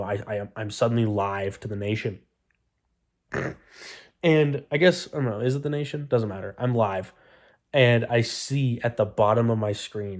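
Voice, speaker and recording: A young man vlogging to the camera, telling a story in a rambling, self-deprecating way and swearing freely. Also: on the low side. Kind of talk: casual storytelling vlog.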